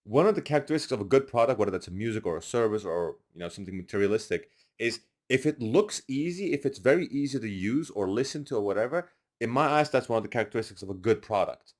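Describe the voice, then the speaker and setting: A young podcast guest talks fast in a mid-range voice with few pauses, casually telling stories and loudly acting out what other people said.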